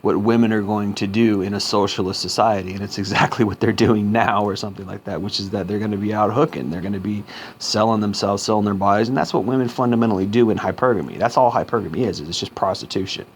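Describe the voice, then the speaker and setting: Low-voiced man rambling casually. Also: fast talker, a little hiss or hum. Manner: rambling, with frequent repeats and restarts; blunt and informal, with a short laugh now and then. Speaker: vlogger. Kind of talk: casual monologue.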